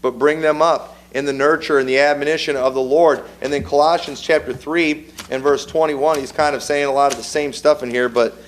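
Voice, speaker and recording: A man's voice: on the high side, fairly even intonation, a little fast, few pauses, a little hiss or hum, poor audio. A middle-aged man, preaching a sermon in a folksy, conversational way and reading scripture aloud. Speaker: pastor.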